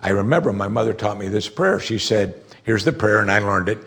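A man preaching a conversational sermon, explaining scripture and rising sharply in pitch when he makes a strong point. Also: brisk, creaky, a bit bright, slightly rough. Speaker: pastor.

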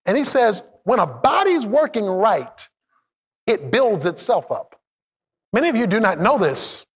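In his sermon, a pastor's high, animated voice climbs to shouts before falling low again. He keeps the congregation involved by having them repeat lines to their neighbors.

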